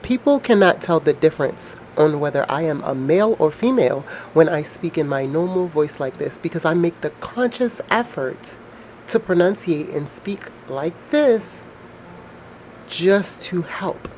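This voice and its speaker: A woman with a naturally deep voice, sick and slightly nasal, chatting casually to her viewers in a frank, rambling way. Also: expressive, measured pace, a little mellow, slight background noise. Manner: frank, rambling, laughs often. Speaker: vlogger. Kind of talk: casual chat to camera.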